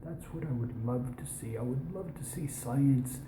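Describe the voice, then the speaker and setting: A young adult from the United States speaking in a put-on posh British accent, hosting a science show in a rambling casual monologue that slips into whispered asides. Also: mid-range voice. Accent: put-on posh British over American. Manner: rambling, with many restarts and slow, stretched words. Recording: echoey room with background noise.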